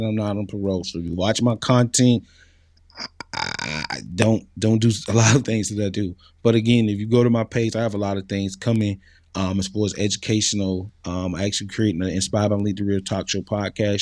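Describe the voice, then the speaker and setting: Low-voiced man, earnest and casual. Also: fairly even intonation, a little fast, darkish tone, no echo, clean studio sound. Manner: earnest, conversational, many fillers. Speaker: interview guest. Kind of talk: casual interview talk.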